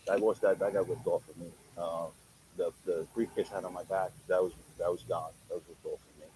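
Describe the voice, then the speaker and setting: A man's voice: low-pitched, level tone, brisk, warm tone. A middle-aged man telling his story in a casual, rambling interview, acting out who said what. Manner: rambling, filler-heavy, talks in quoted dialogue. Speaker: interview guest. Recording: noisy background.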